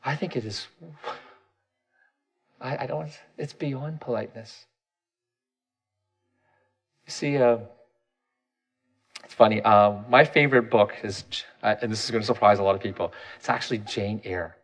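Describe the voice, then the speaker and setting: A man's voice: on the low side, normal speed, pauses often. A man in his thirties giving a candid, self-deprecating personal talk, often restarting his sentences.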